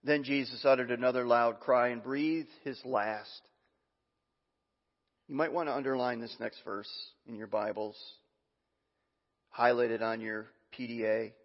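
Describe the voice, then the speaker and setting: A man preaching a sermon as pastor, reading scripture aloud with asides and some halting restarts. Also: medium pitch, steady tone. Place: church sanctuary. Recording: muffled, long hall reverb.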